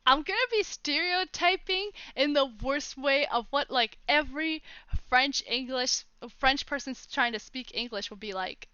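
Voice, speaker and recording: Streamer, woman, high bright voice, excitable and profane; slightly dull stream audio. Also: measured pace, no echo. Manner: excitable, swears, laughs easily. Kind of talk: casual game playthrough chat.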